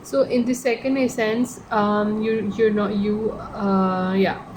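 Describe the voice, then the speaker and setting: A woman tutoring law in a relaxed, rambling way, fixing her own slips and tossing in little jokes. Her pitch sits in an ordinary middle range. A clear hum of background noise runs under the recording. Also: slow pace. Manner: chatty, digressive, self-correcting, joking asides. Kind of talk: casual online lecture.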